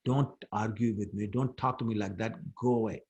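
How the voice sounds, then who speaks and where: A man's voice: lowish voice, fairly even intonation, moderate pace, darkish tone, voice pushed down, natural voice. A man doing a scolding stubborn mother. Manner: scolding, dismissive.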